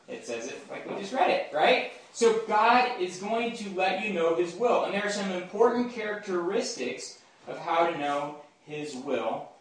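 Guy doing a casual bible talk, kinda high voice, far off mic, super echoey room. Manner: informal, keeps checking in with listeners. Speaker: speaker at a campus Bible group. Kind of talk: conversational Bible teaching.

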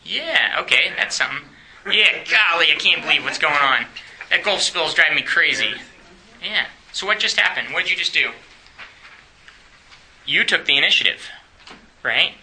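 A man's voice: a little high, lively intonation, normal speed, pauses often, bright, forceful tone, low-quality recording. A man teaching a church class in a chatty way, often asking the room questions and laughing.

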